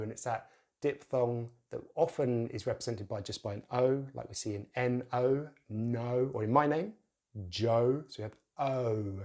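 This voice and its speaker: A young British man teaches English pronunciation. He explains calmly and slowly sounds out each vowel, saying every word several times. His voice sits at an ordinary mid pitch. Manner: slow, exaggerated demonstrations of vowel sounds. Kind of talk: pronunciation lesson.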